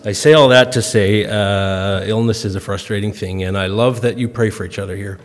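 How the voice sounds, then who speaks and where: A man in his fifties, a guest speaker telling self-deprecating stories to a congregation in a folksy, comic way, clearing his throat now and then as he recovers from a cough. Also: on the low side, fairly even intonation, normal speed. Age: 50s. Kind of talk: humorous storytelling talk to a congregation. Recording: long hall reverb.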